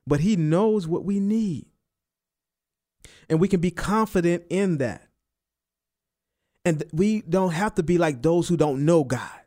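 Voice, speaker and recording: A man preaching a sermon, repeating and stressing key phrases and rising in pitch on the emphatic ones. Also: measured pace, long pauses, dark tone. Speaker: pastor.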